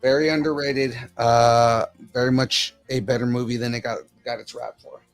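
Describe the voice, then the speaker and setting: A man with a gravelly, fry-heavy voice makes relaxed offhand remarks while working on a build during a livestream. His pitch sits mid-range, and faint music plays behind him. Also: moderate pace. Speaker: podcast co-host building a model. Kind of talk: casual livestream chat.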